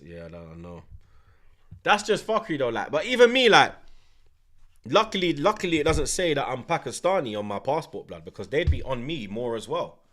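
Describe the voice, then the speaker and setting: Bright, slangy streamer. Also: male voice, mid-range voice, normal speed. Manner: animated, swears often, heavy slang. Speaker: livestream host. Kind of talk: casual storytelling chat.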